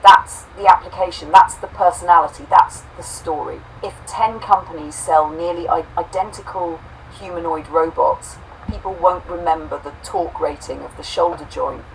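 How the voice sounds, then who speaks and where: A woman co-host reading a homespun robot story aloud, saying the quote marks out loud, then reflecting warmly on it. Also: on the low side, normal speed, vocal fry, distant mic, noisy background. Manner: warm, affectionate, reads quote marks aloud.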